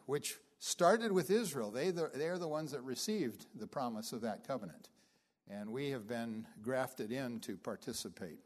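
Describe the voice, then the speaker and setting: A man teaching a Bible class, explaining scripture in an unhurried lecture style with frequent fillers, and reading passages aloud with emphasis. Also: medium pitch, a little mellow.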